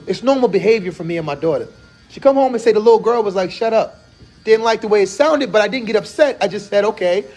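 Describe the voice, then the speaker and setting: A man in his thirties hosting a casual chat, telling an animated story and acting out the dialogue he quotes. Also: high voice. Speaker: host. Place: barbershop.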